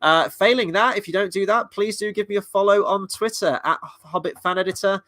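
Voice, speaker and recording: A man hosting a live movie-night stream, chatting casually and excitedly and swearing freely. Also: high-pitched, a little fast, no echo. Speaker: livestream host and movie reviewer. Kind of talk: casual live watchalong commentary.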